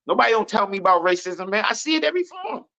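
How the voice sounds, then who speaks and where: An American man on a podcast panel, telling stories in a loud, animated voice and swearing a lot. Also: high voice, rapid-fire, gravelly. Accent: American English. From United States. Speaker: panel guest. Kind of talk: casual storytelling on a podcast panel. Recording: dull lo-fi remote audio.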